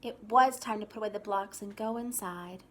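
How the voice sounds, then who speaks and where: A preschool teacher, a woman, reading a picture book aloud to children in an expressive way, stopping to ask them questions. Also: medium pitch, fairly quick. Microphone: video recording for a class.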